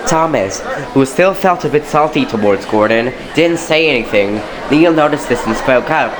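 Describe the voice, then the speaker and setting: A man's voice: medium pitch, expressive, normal speed, crowd noise, low-quality recording. Man narrating a train story.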